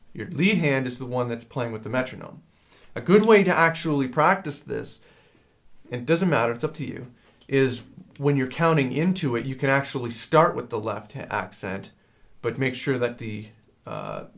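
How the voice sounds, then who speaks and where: A man teaching a drum lesson in a casual, rambling way, hesitating and filling pauses as he explains. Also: mid-range voice. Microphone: handheld field recorder.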